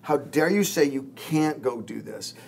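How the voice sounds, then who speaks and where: A male pastor in a podcast chat, his voice gravelly with a bit of vocal fry. He tells stories earnestly and drops his voice to act out quoted lines. A faint hum sits behind him. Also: medium pitch, animated, a little slow, darkish tone. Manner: earnest, storytelling, acts out quoted lines with dropping voice. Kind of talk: podcast discussion among pastors.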